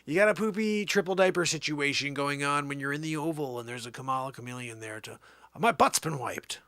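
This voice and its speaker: A man's voice: fairly high pitch, a little fast, fairly bright tone, no room sound, studio quality. A man putting on a boastful older male politician with a brash, bragging manner. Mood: rambling.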